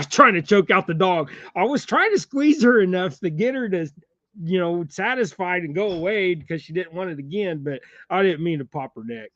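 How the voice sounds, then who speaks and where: A fishing-channel host on a livestream talks in a folksy, rambling way and chuckles between thoughts. His voice sits a little high for a man. The sound is dry and a bit muffled, with no room echo. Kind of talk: casual livestream chat while tying jigs.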